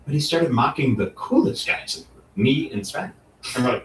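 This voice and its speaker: A man in a casual commentary, telling a story in an animated way and mockingly acting out other people's lines. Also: on the high side, moderate pace. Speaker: streamer reacting to clips. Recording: echoey room, distant mic, faint noise.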